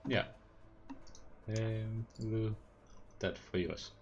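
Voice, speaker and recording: Deep-voiced male game master. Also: steady tone, extremely slow, darkish tone, dull audio, slight background noise. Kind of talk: running a tabletop game.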